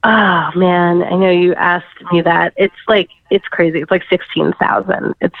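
A woman's voice: lowish voice, steady tone, measured pace, creaky, no echo. A woman guest answering interview questions in a rambling, hesitant way with many fillers. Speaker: guest, campaign worker. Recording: dry tinny phone-like line.

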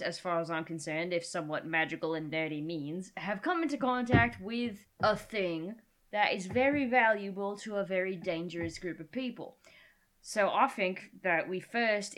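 A woman's voice: on the low side, lively intonation, moderate pace, fairly bright tone. A woman voicing a blunt male adventurer with a put-on, bad Australian accent. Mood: scheming.

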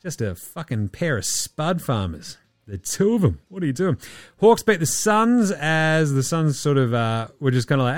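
A man's voice: fairly high pitch, big pitch swings, normal speed, no echo, clean studio sound. A man hosting a podcast in casual sports chat, blunt, joking and swearing freely. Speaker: podcast host.

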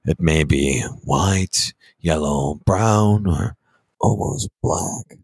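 A man putting on the voice of a stern older man with a cigar and bourbon, reading a herbal text slowly and gravely. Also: rumbling low, a little mellow, voice pushed down, full character voice, low-quality recording. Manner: slow, grave, deliberate reading.

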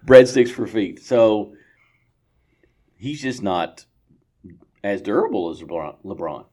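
A man's voice: on the low side, expressive, slow, mellow. A man joining a casual sports podcast as a guest, dry and matter-of-fact.

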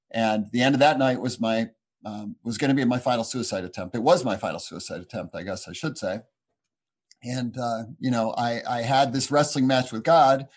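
A man giving a personal faith testimony in an earnest, halting, reflective way, often restarting his sentences. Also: fairly low pitch, darkish tone. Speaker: speaker sharing a personal testimony.

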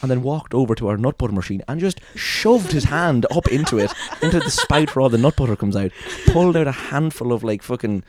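A man hosting a podcast, telling stories in an animated way and swearing freely. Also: medium pitch, fairly quick, hardly any pauses, background noise. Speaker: podcast host. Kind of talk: casual chat.

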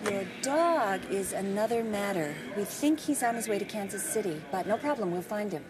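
A woman's voice: mid-range voice, lively intonation, moderate pace, crowd noise, natural voice. A woman playing an unflappable airport baggage clerk. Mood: cheerful. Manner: cheerfully matter-of-fact.

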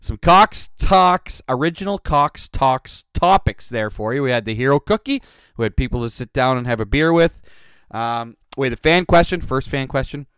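A man's voice: mid-range voice, animated, normal speed, smooth, no echo, studio quality. A man hosting his own podcast, telling a rambling, profane, self-mocking story in a casual way. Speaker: podcast host.

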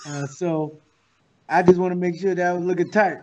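A man, a guest actor and comedian, talking in a casual interview as an animated, profane storyteller. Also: sits high, a little fast.

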